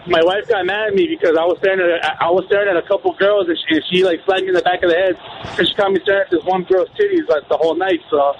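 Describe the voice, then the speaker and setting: A laid-back male caller with a high voice comes through a phone line full of noise. He keeps saying "dude" and trips over his restarts as he chats casually with the hosts. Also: expressive, very fast. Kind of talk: casual call-in chat. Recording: noisy phone call.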